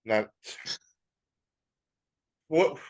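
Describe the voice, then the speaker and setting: A man, co-hosting a sports podcast in casual, slang-heavy banter and animated rants. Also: extremely slow, a little hiss or hum. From Fayetteville, North Carolina. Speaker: podcast co-host.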